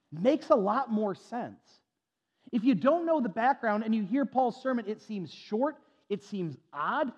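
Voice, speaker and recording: A man preaching a sermon to a congregation in a church, lively and animated, sometimes mocking the voices of critics. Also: sits high, muffled recording. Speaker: pastor.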